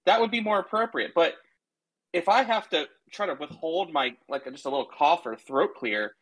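A man's voice: on the high side, animated, normal speed, fairly bright tone. A man in casual argumentative banter on a call, lecturing his co-host in a mock-patient tone. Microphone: remote call mic.

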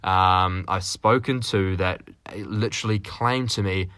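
Low, forceful man. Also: unhurried, no echo, clean studio sound. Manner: rambling, with many fillers and restarts; jokey, with mild swearing. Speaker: podcast host. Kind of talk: solo podcast monologue.

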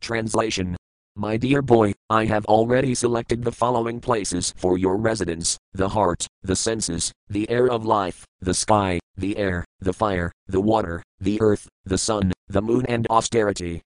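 A man reading scripture verses with word meanings and commentary in a measured, methodical recitation. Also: fairly low pitch, fairly even intonation, no echo, low-quality recording. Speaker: scripture reader.

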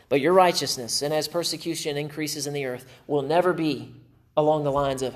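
A man's voice: a little high, fairly even intonation, fairly quick. A male pastor preaching a sermon in an emphatic way, with dry sarcastic humor.

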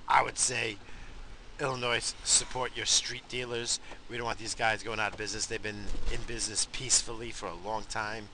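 A man's voice: fairly low pitch, sharp tone, a little hiss or hum. A middle-aged man from New York, rambling casually and profanely in his car, laughing as he tells stories. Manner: profane, laid-back, laughing storyteller. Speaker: vlogger. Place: parked car.

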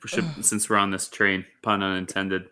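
A man's voice: sits low, flat delivery, moderate pace, pushed and bright, smooth. A man in a casual movie chat, swearing, joking and acting out his own reactions. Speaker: podcast co-host.

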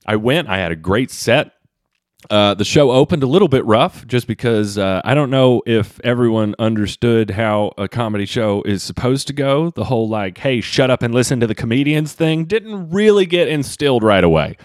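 A man's voice: moderate pace, dry recording, studio quality. A man hosting a solo comedy podcast, rambling and self-mocking, with a slight Southern twang from Kentucky. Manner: animated, jumps pitch for comic emphasis, self-mocking. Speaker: podcast host and stand-up comedian.

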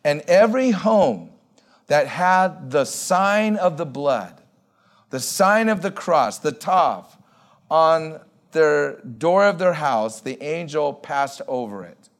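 A male pastor preaching a sermon in an emphatic way, repeating key words and slowing down to stress them. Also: fairly high pitch, animated.

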